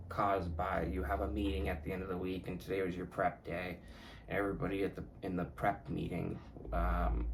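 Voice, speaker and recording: Man, podcast host, low gravelly voice, rambling casual talk, swears a lot, faint background hum. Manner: rambling, profane, self-correcting.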